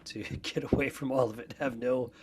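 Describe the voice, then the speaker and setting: A man's voice: mid-range voice, steady tone, moderate pace, crowd noise. Blunt man, comedy podcast co-host. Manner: blunt, crude, storytelling. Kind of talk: casual comedic chat.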